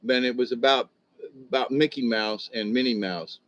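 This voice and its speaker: A man's voice: mid-range voice, fairly even intonation, normal speed, a bit bright. An older man giving a rambling spiritual talk on a long livestream, chuckling often, with speech shaped by missing teeth. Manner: meandering, chuckling, with many fillers and restarts. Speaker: spiritual teacher. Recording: dull lo-fi stream audio.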